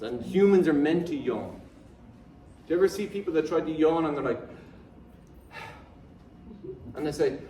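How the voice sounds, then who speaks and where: A man, a guest speaker giving a lively, joking talk and coaxing the audience to join in. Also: fairly high pitch, moderate pace, pauses often, a little hiss or hum. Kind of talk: live motivational talk to an audience. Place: event hall with an audience. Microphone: phone camera from the audience. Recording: echoey hall phone recording from far off.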